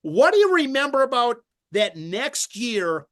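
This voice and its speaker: A man's voice: extremely high pitch, big pitch swings, measured pace, a bit bright. Enthusiastic man hosting an interview. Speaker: podcast host and wrestling broadcaster. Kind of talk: interview questions.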